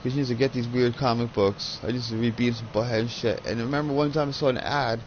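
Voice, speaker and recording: A man's voice: medium pitch, steady tone, fast talker, lo-fi sound, slight background noise. A man in his thirties chatting casually while gaming, a profane, rambling storyteller on a headset. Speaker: gaming channel host.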